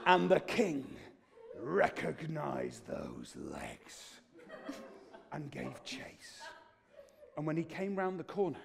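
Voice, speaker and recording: A man with a British English accent telling a folk tale live, in an animated, dramatic and playful way. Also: on the high side, a little slow, vocal fry, crowd noise. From Britain. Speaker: storyteller.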